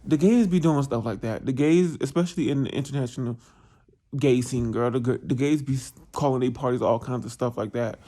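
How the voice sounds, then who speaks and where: A man's voice: mid-range voice, brisk, dark tone. A man from New Jersey vlogging in a casual, self-mocking storytelling style, laughing often and putting on voices for other people. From New Jersey, USA. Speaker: travel vlogger.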